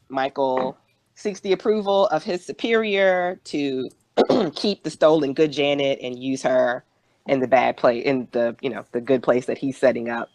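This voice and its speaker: A woman's voice: rumbling low, a little mellow, dry recording. A woman co-hosting a podcast, recapping a TV episode in casual chat, laughing often and acting out the characters' lines. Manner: laughs often, acts out quotes in voices. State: out of breath. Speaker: podcast co-host.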